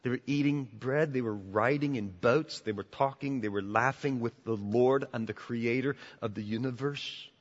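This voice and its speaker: A man preaching a sermon as pastor, animated and emphatic, often repeating words as he builds to his points. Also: mid-range voice, normal speed, few pauses. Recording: dull sound with long church reverb.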